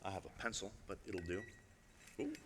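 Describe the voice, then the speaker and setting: A man's voice: sits low, brisk, background noise. A man, an illusionist, addressing a live audience on stage in a chatty, wry way with frequent direct asides. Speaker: illusionist giving a talk. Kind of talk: conversational stage presentation. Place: large hall on stage. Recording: long hall reverb.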